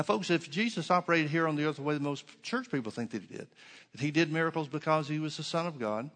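A male preacher delivering a sermon at a mid-range pitch. He hammers his points home with repeated phrases and rhetorical questions. His voice rings with a long reverb, like a church hall. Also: a bit bright.

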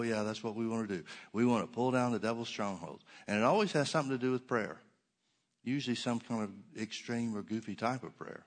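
Emphatic man preaching a sermon. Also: mid-range voice. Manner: emphatic, sarcastic preaching with slow stressed repetitions. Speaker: pastor.

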